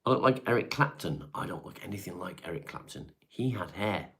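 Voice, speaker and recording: A man's voice: deep voice, lively intonation, brisk, a bit bright. A man hosting a casual live stream, reading out viewer comments and answering them in a laid-back way with the odd swear word.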